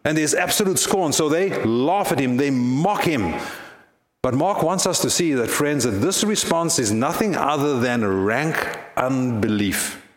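A man's voice: mid-range voice, expressive, a little slow, roomy sound. A male pastor giving a sermon in a church, earnest and fond of rhetorical questions.

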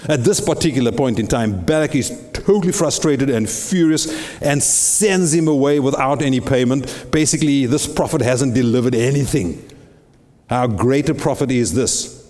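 A man's voice: mid-range voice, normal speed, a little mellow. A man preaching a sermon, retelling a Bible story dramatically with lots of rhetorical questions. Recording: long reverb in a big hall.

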